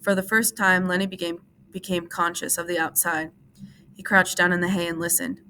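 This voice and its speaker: A woman teacher reading a novel aloud to a class in a steady, measured narrating voice. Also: on the low side, slight background noise. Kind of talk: audiobook-style reading for class.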